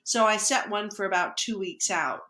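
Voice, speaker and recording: A woman's voice: mid-range voice, moderate pace. A woman guest on a podcast, telling a personal story in conversation and acting out the lines of the people in it. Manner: lively storyteller who acts out quoted dialogue. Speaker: podcast guest, energy healer. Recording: echoey room.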